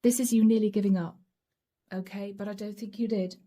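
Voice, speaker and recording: A woman giving a channeled tarot reading to camera, gentle and encouraging, speaking straight to her viewers and breaking into soft laughs. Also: mid-range voice, fairly even intonation, a little fast. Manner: often breaks into light laughs and soft asides. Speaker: tarot reader.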